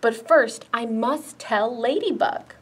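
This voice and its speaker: A woman's voice: a little high, slow pace, slightly rough. A woman reading as a sighing, well-fed woodchuck. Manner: sighing, contented. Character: full, sleepy woodchuck, content.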